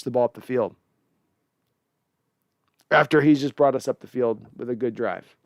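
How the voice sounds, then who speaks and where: A man's voice: mid-range voice, moderate pace, pauses often, no echo, clean studio sound. A man hosting a casual post-game reaction livestream, rambling and sardonic as he vents and thanks donors. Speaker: podcast host.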